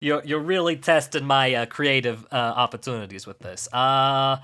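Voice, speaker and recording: A man's voice: mid-range voice, normal speed, pushed and bright, clear, resonant tone. A man co-hosting a podcast in casual comedic chat, joking and improvising sing-song ditties. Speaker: podcast co-host.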